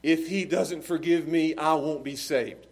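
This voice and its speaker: A man preaching a sermon as pastor, moving between hushed, earnest passages and loud, fervent cries. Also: a little high, fairly even intonation, a little slow, husky. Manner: dynamic preaching, swinging from hushed to shouting.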